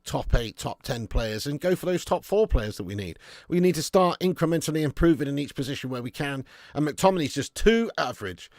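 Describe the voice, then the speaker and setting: A man's voice: fairly high pitch, no room sound, studio quality. A man hosting a casual fan livestream, reading out viewer chat with blunt, jokey banter and frequent swearing. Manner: blunt, jokey, swears freely, calls viewers mate and lad. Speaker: fan channel host reading live chat.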